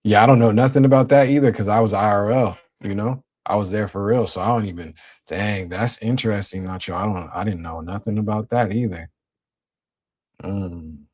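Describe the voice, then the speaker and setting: A young man hosting a casual livestream, talking in a laid-back, slang-heavy way while reading and shouting out his chat. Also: on the low side, moderate pace. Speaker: livestream host.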